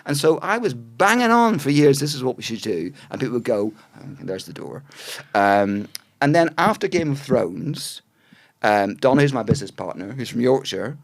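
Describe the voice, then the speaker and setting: A Northern Irish man in his sixties, a TV producer chatting as a podcast guest, telling stories with lively asides and restarts. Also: mid-range voice, normal speed. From Northern Ireland. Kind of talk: casual interview chat.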